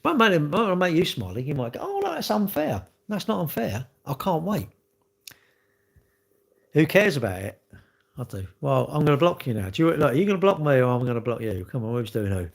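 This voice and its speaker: A man's voice: mid-range voice, sing-song, fairly quick, vocal fry. A man on a live stream, answering chat comments bluntly in a rambling way, full of restarts and rhetorical questions.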